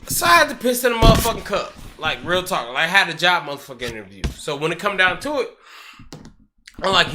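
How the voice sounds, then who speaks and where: Bright-voiced man telling a rowdy story. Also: high-pitched, quick pace, faint music behind. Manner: profane, animated storytelling with acted-out voices. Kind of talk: casual storytelling chat.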